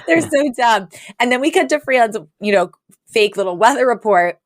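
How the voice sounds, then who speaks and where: A woman co-hosting a podcast, retelling a sitcom episode in casual chat, animated and full of laughs and filler words. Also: a little high, moderate pace, dry recording, studio quality. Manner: animated storytelling with frequent laughs and filler likes. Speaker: podcast co-host recapping an episode.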